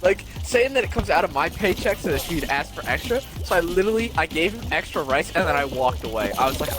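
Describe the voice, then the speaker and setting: A young man co-hosting a podcast, telling stories in a casual, animated way and acting out what people said. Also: fairly high pitch, fast, hardly any pauses, over music. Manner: animated storytelling, acts out quotes. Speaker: podcast co-host. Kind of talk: casual chat.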